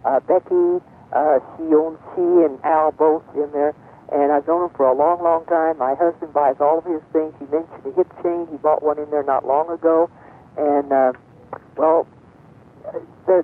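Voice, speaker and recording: An older woman, a guest on a radio show, telling a rambling story with many pauses and fillers. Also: sits low, fairly even intonation. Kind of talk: reminiscing on a call-in radio show. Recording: tinny phone-line sound.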